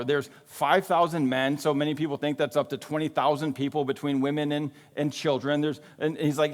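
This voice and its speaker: A pastor with a voice on the high side talks fairly quickly with few pauses, preaching a casual, conversational sermon full of "right?" and "like" check-ins. He's in a church sanctuary, and the hall's long reverb lingers.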